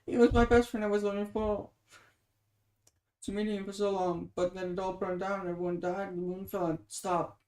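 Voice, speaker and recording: A lost and frightened young sprite girl, as a reader puts her on for a webcomic reading, sorrowful and pleading, always close to tears. Her voice sits a little lower than the reader's own. The room adds a roomy echo. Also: little pitch movement, brisk, a little mellow, lightly acted. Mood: grieving. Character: grieving young female sprite, lost and scared.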